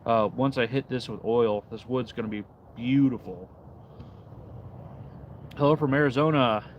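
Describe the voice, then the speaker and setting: A laid-back man hosting a casual livestream outdoors in the cold, chatting at an ordinary mid pitch. He answers viewers easily. The sound is a bit dull, with faint noise behind him. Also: normal speed. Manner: laid-back, reads and answers chat while carving. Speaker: livestream host.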